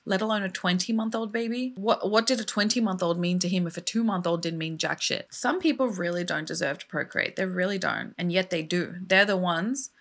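A woman's voice: on the low side, fairly quick, hardly any pauses, fairly bright tone. Indignant, emotional woman vlogger. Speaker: true crime vlogger. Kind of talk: casual storytelling vlog.

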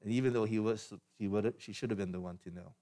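A man's voice: lowish voice, steady tone, quick pace, dark tone. A man preaching a sermon as pastor, in a conversational way with restarts and light laughs.

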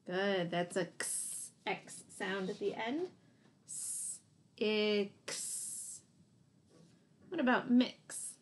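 A woman teacher leads a phonics lesson for young children. She speaks slowly and patiently at a middle pitch, sounds out each letter and gives encouraging praise. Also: expressive.

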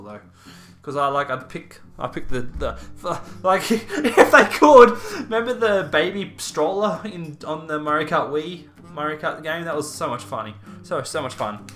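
A man's voice: a little high, a bit bright. A young man chatting casually through an unboxing, with playful, self-mocking asides. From Australia. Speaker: YouTuber. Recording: roomy echo, faint music.

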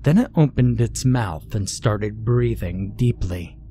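A man reading a horror story aloud in measured, scripted narration. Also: on the low side, mellow, a little hiss or hum.

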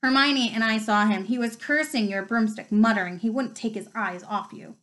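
An anxious young schoolboy explains in a hushed, urgent way in a storybook reading, voiced by a woman reading aloud. The voice sits fairly high. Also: steady tone, moderate pace, lightly acted.

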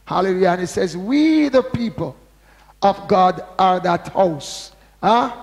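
Slow, high-voiced preacher man. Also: big-room sound. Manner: slow, emphatic preaching, asks the congregation to repeat words; reads scripture aloud with drawn-out stress. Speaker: pastor. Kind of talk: sermon with call-and-response.

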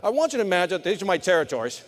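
A middle-aged man gives a live sales keynote at a conference, his high-pitched voice very animated and rapid-fire. The punchy, motivational delivery speaks straight to the crowd, with long reverb from the large hall.

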